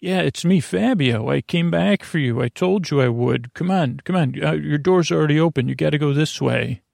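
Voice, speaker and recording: A man's voice: fairly high pitch, moderate pace, vocal fry, darkish tone, dry recording, studio quality. A man voicing an eager young male rescuer who talks in an urgent, pushy way.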